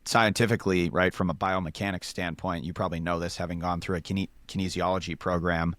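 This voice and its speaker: A man's voice: low voice, fairly even intonation, quick pace, fairly bright tone, no echo. A man casually explaining sports science step by step, with many fillers.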